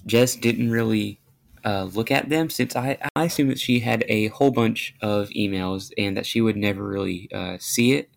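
A man tells a personal story on his own podcast in a loose, casual monologue. His voice is gravelly and full of fry, and he rambles, circles back, and pokes fun at himself, with plenty of fillers along the way. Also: lowish voice. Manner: rambling and self-deprecating, with many fillers and restarts. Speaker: podcast host.

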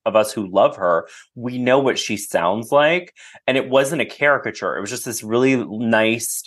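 Gushing man guest on a podcast. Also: on the low side. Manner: enthusiastic, gushing, filler-heavy. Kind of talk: casual podcast chat.

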